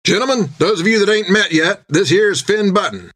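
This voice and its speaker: A man voicing a burly, gruff sea captain who talks in a folksy rough sailor's dialect, raised above his own pitch. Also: expressive, normal speed, a bit bright. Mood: gruff command.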